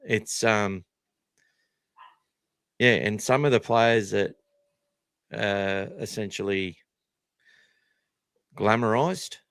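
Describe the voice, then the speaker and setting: A man's voice: fairly low pitch, no echo. Blunt Australian man, dry sound. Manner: blunt, sweary, animated opinions. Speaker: podcast host. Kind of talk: casual live podcast chat.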